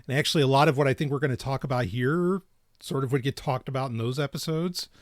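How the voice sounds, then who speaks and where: This man co-hosts a podcast from a studio, speaking in a mid-range voice with no room sound. His casual talk wanders, he interrupts himself to start over, and laughter comes easily.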